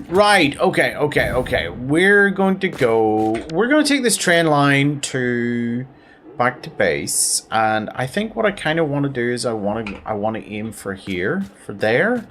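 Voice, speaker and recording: A game streamer from Belfast, Northern Ireland, talks his way through play in a rambling, self-mocking style punctuated by silly noises. His mid-range, fairly bright voice swings widely in pitch at a measured pace, over a little background noise.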